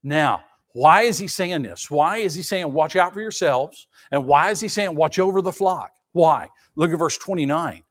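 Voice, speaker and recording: A man's voice: on the high side, lively intonation, normal speed. A male pastor preaching a sermon, emphatic and repetitive, asking the congregation rhetorical questions.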